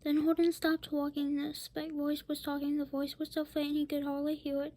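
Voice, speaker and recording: A woman's voice: high voice, monotone, moderate pace, warm tone. A woman reading a rhyming picture book aloud, with whispered asides. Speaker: storybook reader.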